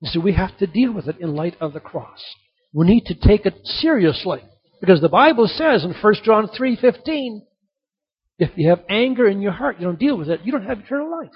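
A male pastor preaching a sermon. He tells stories and repeats his key lines for emphasis. His voice sits high and husky, and the recording is dull and lo-fi. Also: expressive, a little fast.

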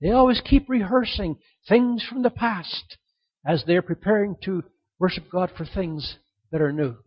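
A man with a high, husky voice preaches a sermon, animated and climbing to excited peaks as he drives each point home. The recording sounds dull and lo-fi. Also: a little slow. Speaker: pastor.

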